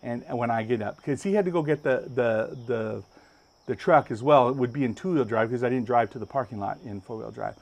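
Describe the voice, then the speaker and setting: A man hosting a podcast, telling a story with lots of energy and jumping up high when he acts out other people's lines. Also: brisk, gravelly. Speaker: podcast host. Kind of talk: animated storytelling. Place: podcast studio.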